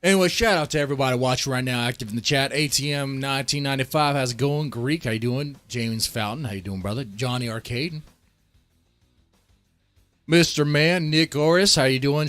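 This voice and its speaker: During a casual live stream, a man in his thirties with a medium-pitched, fairly bright voice jokes and chats loosely, hamming up a fake Southern drawl.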